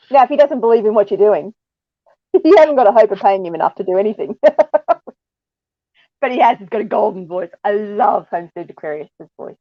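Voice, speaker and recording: A woman's voice: mid-range voice, animated, moderate pace, long pauses, no echo, dull audio. A woman hosting a casual online chat, talking in a chatty, giggly way. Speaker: channel host.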